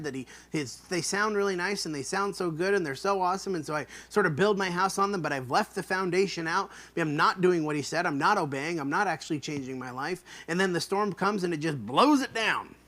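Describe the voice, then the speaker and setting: A man's voice: fairly high pitch, a bit bright. Earnest man teaching a Bible study. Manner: earnest, emphatic, repeats points for stress. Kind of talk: online Bible study lesson.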